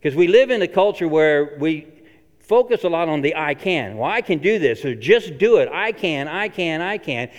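A pastor preaching a sermon in a church, earnest and emphatic, repeating phrases for stress. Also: male voice, a little high, animated, normal speed. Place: church sanctuary. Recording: long reverb of a church hall.

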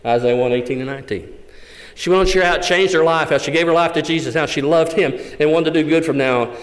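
A man, a visiting Gideon speaker giving a fervent testimony sermon in a church. He tells the story with big swings between loud and hushed. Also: fairly high pitch, fast talker. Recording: echoey hall.

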